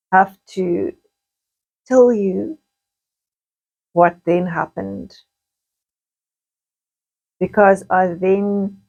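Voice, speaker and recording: A middle-aged woman, slowly recounting painful childhood memories in a halting personal monologue. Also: on the low side, vocal fry, dark tone, highs cut off. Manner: slow, halting, with frequent restarts and pauses.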